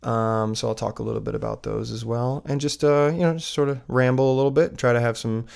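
Creaky rambling man hosting a podcast. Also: mid-range voice, fairly even intonation, brisk, darkish tone. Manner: rambling, self-interrupting, with many fillers. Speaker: podcast host. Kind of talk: solo podcast monologue.

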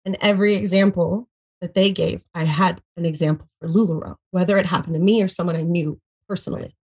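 Speaking fast in a lowish, slightly rough voice, a podcast guest in her thirties who formerly sold for an MLM shares an emotional tale. It's full of fillers and dramatized quotes, delivered animatedly over a low-quality recording.

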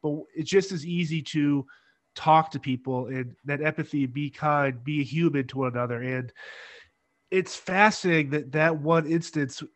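A man's voice: on the high side, normal speed. A man hosting a casual talk, reflecting thoughtfully on his guest's story. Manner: reflective, encouraging listener. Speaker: host. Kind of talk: casual conversation.

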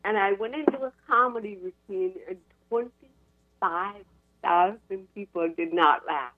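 American woman in her sixties, animated storyteller, laughs often, tinny dry phone line. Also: mid-range voice, a little slow, no echo. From United States. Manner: animated, laughs between sentences. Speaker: guest, actress and comedian. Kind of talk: storytelling in a radio interview. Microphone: telephone.

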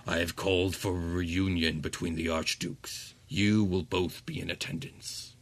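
A man voicing a towering ancient demon archduke who speaks slowly and commandingly. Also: low-pitched, fairly even intonation, gravelly, full character voice. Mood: imperious. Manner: slow, commanding, contemptuous.

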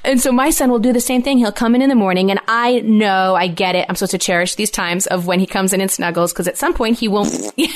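A woman's voice: mid-range voice, fast, hardly any pauses, slight background noise. A woman in her thirties co-hosting a podcast, telling family stories in casual chat and laughing often as she talks. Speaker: podcast co-host.

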